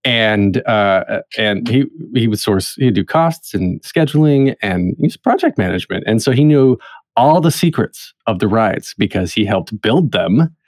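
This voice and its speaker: A man's voice: fairly low pitch, unhurried, dry recording. A man hosting a podcast interview, reading a guest's introduction and then chatting with her playfully. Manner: playful and animated, laughs often. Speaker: podcast host.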